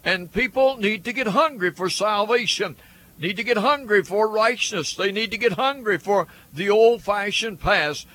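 A male radio preacher delivers a sermon with an earnest, rhythmic cadence, stacking phrase on phrase. His voice sits high for a man and rings bright and forward. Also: moderate pace, a little hiss or hum.

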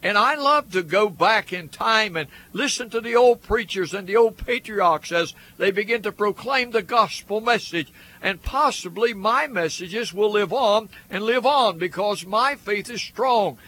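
Earnest radio preacher man, high bright voice. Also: animated, a little slow. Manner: earnest, repetitive preaching cadence. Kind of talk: radio sermon.

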